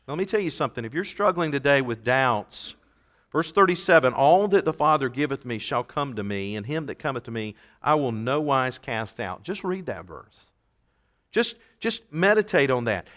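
A man preaching a sermon to a church congregation, earnest and emphatic, swinging from soft passages to loud appeals. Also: fairly high pitch, expressive, moderate pace. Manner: reads scripture in King James wording. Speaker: pastor. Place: church service.

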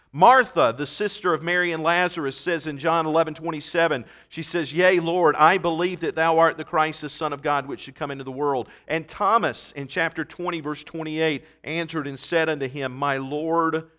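A man's voice: fairly high pitch, normal speed, sharp tone. A man preaching a sermon in church, emphatic, reading scripture aloud and playing with wordplay. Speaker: pastor.

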